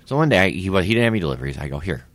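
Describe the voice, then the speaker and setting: Animated man in his forties telling stories. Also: sits low, racing, no echo. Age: 40s. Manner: animated, swearing, acts out quotes. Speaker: podcast co-host. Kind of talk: casual storytelling chat.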